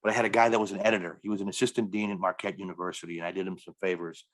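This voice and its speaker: Fast-talking deep-voiced male comedian. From Milwaukee area, US. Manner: animated storyteller, acting out quoted dialogue. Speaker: stand-up comedian guest. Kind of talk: storytelling in a podcast interview.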